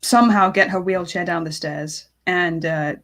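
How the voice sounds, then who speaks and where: A woman's voice: lowish voice, normal speed, creaky. Woman dryly recapping a film. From Britain. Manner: dry, recounting plot with hesitant fillers. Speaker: co-host. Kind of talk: casual film recap chat.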